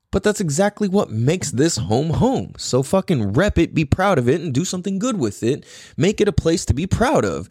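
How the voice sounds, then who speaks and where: A man's voice: on the high side, no room sound, clean studio sound. A man from the United States hosting a podcast, ranting casually, cursing a lot and laughing often. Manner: profane, animated, laughs often. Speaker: podcast host.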